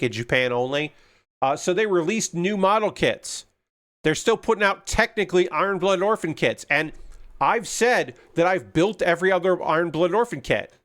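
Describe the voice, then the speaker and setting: A man livestreaming his model kit hobby, chatting casually, muttering to himself and swearing freely, and getting excited about the kits. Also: fairly high pitch, clear, resonant tone.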